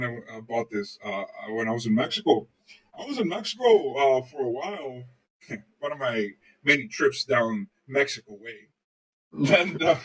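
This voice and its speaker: A man's voice: a little high, bright, forceful tone, recorded from a distance, rough recording. A man co-hosting a podcast, chatting casually and telling loose, profane stories full of swearing. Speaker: podcast co-host. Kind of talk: casual chat, rambling storytelling.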